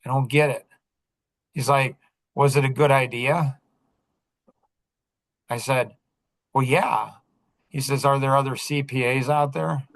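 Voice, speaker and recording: A man's voice: mid-range voice, fairly even intonation, unhurried, long pauses, dry recording. A man hosting a podcast, telling stories casually and acting out the quoted dialogue with lots of animation. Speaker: podcast host. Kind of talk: casual storytelling chat.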